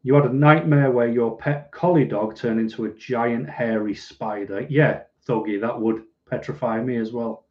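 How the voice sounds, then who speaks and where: Reading out viewer comments on a casual livestream, this man rambles, chats, and laughs readily. He has a medium-pitched voice and a normal speaking speed, captured in a dull lo-fi recording.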